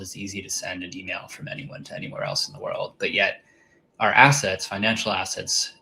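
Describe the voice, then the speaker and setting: A man, a company chief executive, explaining his company's vision on a call in a measured, thoughtful way with some fillers. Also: fairly low pitch, bright, forceful tone, slight background noise, rough recording. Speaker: CEO guest.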